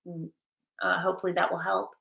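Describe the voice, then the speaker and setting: A woman's voice: on the low side, level tone, a little fast, creaky, dull audio, a little hiss or hum. A middle-aged woman hosting a casual livestream, chatting and reading viewer comments aloud. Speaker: livestream host. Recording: echoey room.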